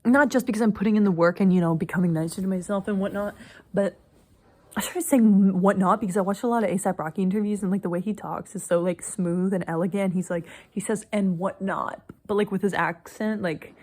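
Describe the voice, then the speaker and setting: A woman's voice: medium pitch, brisk, warm tone. A young woman vlogging casually, rambling with lots of "like" and the odd swear word. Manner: rambling, filler-heavy, frequent "like" and swearing. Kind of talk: casual personal vlog.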